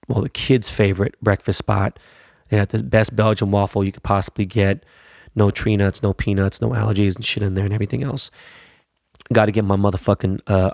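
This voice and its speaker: Profane, hyped man with a gravelly voice. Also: fairly low pitch, flat delivery, fairly quick, darkish tone, dry recording, clean studio sound. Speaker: podcast host. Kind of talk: casual monologue.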